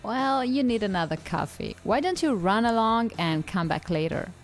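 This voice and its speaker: A woman's voice: mid-range voice, lively intonation, moderate pace, soft background music. A woman hosting a podcast, reading a scripted English-lesson dialogue in a cheerful, teasing way and laughing often. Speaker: podcast host.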